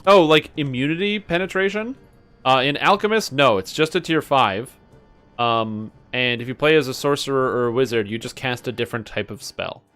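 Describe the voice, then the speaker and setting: With soft music in the background, a man on a live stream banters casually with viewers, playfully reading tongue twisters aloud and laughing at himself when he stumbles. His mid-range voice sounds clean and fairly bright, at a normal speed.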